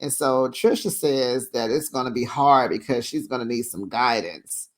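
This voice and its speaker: Chatty recap host, gossipy and playful, mid-pitched voice, casual delivery. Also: normal speed. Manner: animated, chatty, playfully shady.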